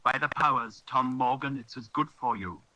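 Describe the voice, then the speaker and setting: A man's voice: mid-range voice, moderate pace, bright, forceful tone, slight background noise, voice pushed up, poor audio. A man voicing a hearty, cunning one-legged pirate cook who talks in bluff, blustering sea-dog phrases. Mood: stern.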